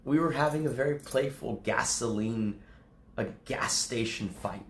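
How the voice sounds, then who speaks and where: A man's voice: medium pitch, a little slow, roomy sound. A man livestreaming casual chat to his viewers, rambling and swearing, often laughing. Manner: rambling, profane, laughs a lot.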